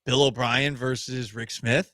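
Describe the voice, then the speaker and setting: A man's voice: medium pitch, steady tone, a little slow, sharp tone, no room sound, studio quality. A man hosting a sports radio show, chatting casually, often laughing and letting his voice drop to a mumble. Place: radio studio. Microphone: studio mic.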